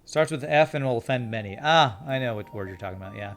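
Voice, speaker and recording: A man's voice: mid-range voice, lively intonation, fast. A man from Canada streaming a video game, reading chat and playing up an overly polite, apologetic manner. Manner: mock-polite, cheery and apologetic.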